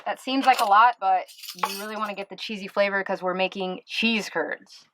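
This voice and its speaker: A woman's voice: mid-range voice, steady tone, moderate pace, background noise. A woman hosting a casual cooking vlog as a plant-based chef, upbeat and chatty, from the US East Coast.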